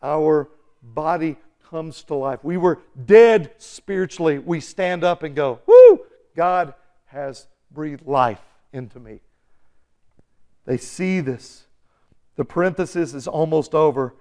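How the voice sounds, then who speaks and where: Guy preaching a sermon, high voice, super animated, jumps loud then goes quiet. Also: slow. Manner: excitable, acts out voices, shouts and laughs. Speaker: pastor.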